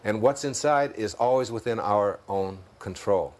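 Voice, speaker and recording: A man with a Detroit accent, a guest in an interview, speaking in an unhurried, musing way and chuckling at his own jokes. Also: on the low side. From Detroit, United States. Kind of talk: reflective interview talk.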